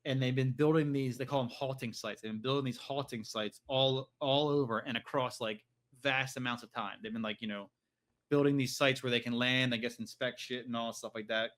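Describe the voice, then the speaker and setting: A man's voice: mid-range voice, steady tone, fairly quick, a bit bright. A man hosting a podcast, casually recapping a novel in a rambling way, with lots of fillers and some swearing. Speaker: podcast host.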